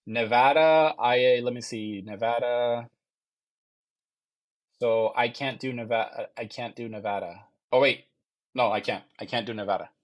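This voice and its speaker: A young man hosts a live question-and-answer stream about loans. He talks casually and haltingly, repeating phrases while he checks each answer. His voice sits at an ordinary middle pitch. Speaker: mortgage loan officer.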